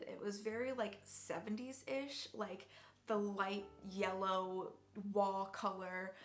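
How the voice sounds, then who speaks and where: A young woman telling a personal story in a chatty, rambling way, sincere and emotional at times. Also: mid-range voice. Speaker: vlogger.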